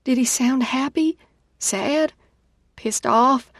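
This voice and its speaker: A woman voicing an anxious, emotional young woman who is quick to shout. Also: sits high, no room sound, studio quality, voice pushed up, full character voice.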